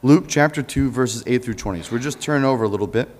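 A man's voice: mid-range voice, fast, a little mellow. A man preaching a sermon in a church, talking easily with the congregation, asking them questions, answering them himself and joking with them. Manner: jokes with the congregation. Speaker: pastor. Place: church sanctuary.

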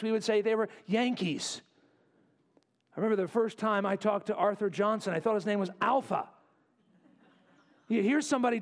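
A male pastor preaching a sermon, acting out quotes and dropping to quiet asides. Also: sits high. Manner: animated, acts out voices in quotes, drops to quiet asides.

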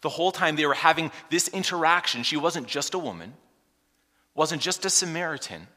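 A male preacher reads scripture aloud and unpacks it in sermon style, dropping to hushed asides and then building to emphatic points. His voice is bright and forceful. A long hall reverb trails each phrase. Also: a little high, fairly quick. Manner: expressive, swings from hushed to emphatic.

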